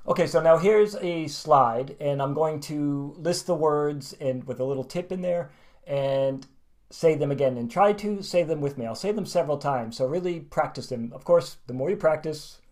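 A man's voice: fairly high pitch, normal speed, darkish tone. A man teaching English in a casual online video, chatty with wry self-deprecating asides. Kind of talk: casual video lesson outro.

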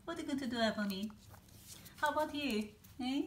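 A woman's voice: high voice, fairly quick, roomy sound. A woman filming her puppies at home, coaxing and chatting to them in a sing-song way with frequent laughter. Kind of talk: casual home video chat, talking to puppies. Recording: home video with clear background noise.

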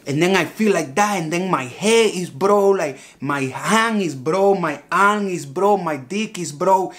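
A man's voice: high-pitched, unhurried, fairly bright tone. Man as an angry heckler with broken English for a comedy sketch, rambling and boastful. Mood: indignant. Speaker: heckler filing a lawsuit.

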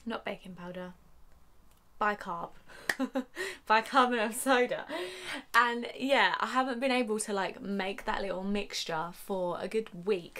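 Chatty young mum vlogging. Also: female voice, medium pitch, fairly bright tone. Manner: chatty, laughs often, swears casually. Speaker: vlogger and new mother. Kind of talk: casual vlog chat to camera. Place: at home, indoors.

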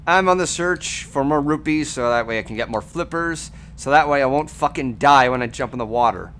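A man's voice: mid-range voice, brisk, fairly bright tone, a little hiss or hum. A man playing a game and chatting with friends, swearing freely and teasing them. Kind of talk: casual gaming chat.

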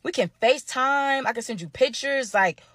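A young adult woman telling a personal story in a chatty, animated, slangy way. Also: high voice, normal speed, no echo. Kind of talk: casual storytime.

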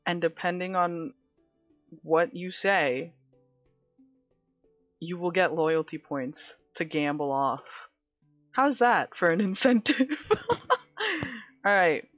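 A woman's voice: fairly low pitch, big pitch swings, slow, pauses often, no room sound, soft background music. A woman streaming live, chatting casually with viewers in a giggly, dramatic way, laughing often.

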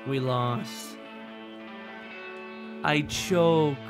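A young man giving excitable, profane gameplay commentary as a let's play host, talking to himself as he plays. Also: on the high side, very slow, over music.

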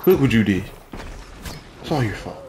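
Casting: young male gamer, lively animated voice, excitable banter, noisy background. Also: fairly low pitch, normal speed. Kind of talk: casual chat while gaming.

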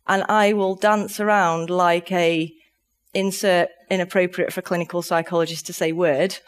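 A woman's voice: fairly low pitch, flat delivery, moderate pace, clear, resonant tone. A woman giving a conference keynote talk, upbeat and chatty, laughing often as she speaks to a live audience in a conference room.

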